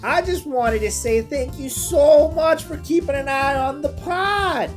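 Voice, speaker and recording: A man putting on a chirpy, effusive young man's voice to read out a friend's letter in a high, sing-song way. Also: measured pace, faint music behind. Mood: gushing.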